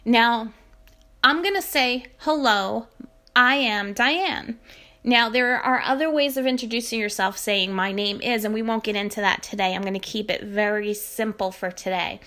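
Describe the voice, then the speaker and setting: A woman giving a casual spoken language lesson. She explains patiently and says the example phrases slowly and carefully. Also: fairly high pitch, pushed and bright. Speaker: language teacher.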